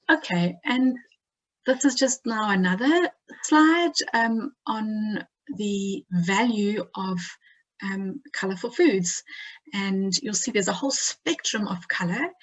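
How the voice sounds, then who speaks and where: A woman's voice: medium pitch, rough recording. Woman, south african accent, nutrition talk over slides, lots of ums and restarts. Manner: hesitant, many fillers and restarts. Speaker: nutritional therapist.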